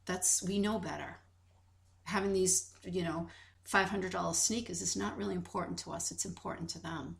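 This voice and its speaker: A woman's voice: fairly low pitch, normal speed, vocal fry, slight background noise. A woman co-hosting a podcast in casual chat, telling stories animatedly and acting out quoted dialogue. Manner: animated storytelling, acts out quoted dialogue, many restarts. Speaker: podcast co-host.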